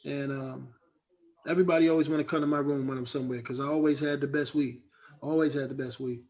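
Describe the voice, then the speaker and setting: A middle-aged man, a guest rapper, telling animated, slangy stories in a casual interview and acting out other people's voices. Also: mid-range voice, fast talker. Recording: dull lo-fi sound.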